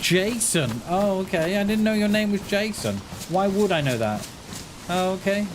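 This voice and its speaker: Man, game streamer, slightly high voice, rambling, chuckling, noisy background. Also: lively intonation, moderate pace. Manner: rambling, chuckling, self-mocking. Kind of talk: casual livestream chat while gaming.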